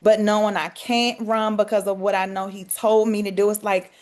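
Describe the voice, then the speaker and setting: A woman opening up to her coaching group, speaking candidly and searchingly. She circles her thoughts with frequent fillers and restarts. Her pitch sits in a typical middle range. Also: little pitch movement, normal speed. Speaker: community member sharing her year. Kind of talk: personal sharing in a group call.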